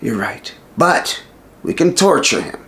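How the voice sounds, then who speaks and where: A man's voice: a little high, big pitch swings, measured pace, a bit bright, roomy sound, voice pushed down. A male storyteller voicing a furious, proud male demon king who barks commands. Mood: scheming.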